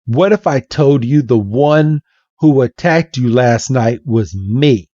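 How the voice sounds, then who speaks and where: A man's voice: medium pitch, expressive, slow pace, warm tone, no echo. A man voicing a fiery, bossy girl gym leader in a commanding, plain delivery. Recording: dull, muffled lo-fi recording.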